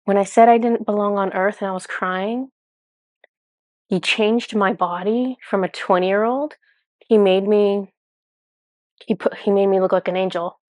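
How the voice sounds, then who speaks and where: Woman, casual rambling storyteller, mid pitch, dry close mic. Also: steady tone, measured pace, pauses often, darkish tone, no room sound. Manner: chatty and rambling, full of "like" and self-corrections. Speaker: spiritual channeler telling a personal story.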